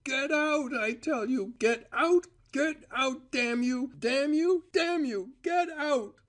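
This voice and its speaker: A male audiobook reader performs a scornful young woman, sharp and contemptuous. Her voice rides well above a man's usual pitch and swings widely. It turns shrill and screaming. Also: expressive, unhurried. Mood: hysterical rage. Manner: scornful and bitter. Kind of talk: audiobook character voice.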